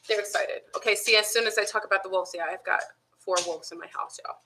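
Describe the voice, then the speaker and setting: A woman's voice: medium pitch, steady tone, quick pace, pushed and bright, slight background noise. A woman talking straight to her viewers from home in an unscripted monologue, firing off rhetorical questions and calling them y'all. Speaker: online commentator. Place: home with dogs nearby.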